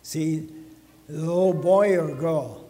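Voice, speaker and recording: A male pastor delivers a sermon with a high, light voice, taking his time over every phrase. His words ring out with a long reverb through the church hall. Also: mellow. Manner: slow, deliberate preaching with dramatic pauses. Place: church sanctuary.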